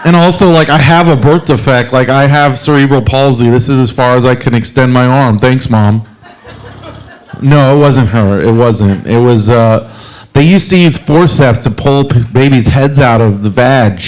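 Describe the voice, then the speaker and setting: A man in his forties doing a stand-up comedy set, rambling and self-deprecating, halting with lots of fillers. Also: mid-range voice, darkish tone. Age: 40s. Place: comedy club stage with a live audience.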